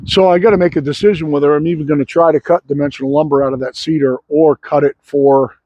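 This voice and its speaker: A man's voice: on the high side, steady tone, quick pace, dark tone, dry recording, muffled recording. A sawmill owner talking casually and bluntly, rambling and swearing freely while he shows off his wood. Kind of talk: casual vlog talk. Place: outdoor log yard.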